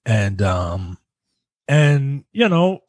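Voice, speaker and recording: A man hosting a casual film review podcast, recapping scenes in a halting way with many ums and uhs. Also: mid-range voice, big pitch swings, no room sound, clean studio sound.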